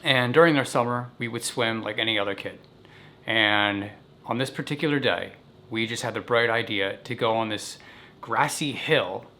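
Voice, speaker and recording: Bright-voiced man telling a story. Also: medium pitch, moderate pace. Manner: animated, vivid recounting. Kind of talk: casual storytelling vlog.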